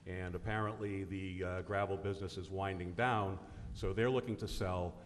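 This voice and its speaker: A man's voice: sits low, steady tone, moderate pace. A man speaking as a town official, explaining a matter hesitantly with frequent fillers. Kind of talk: explaining at a public meeting. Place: large town meeting hall. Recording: echoey hall, faint room noise.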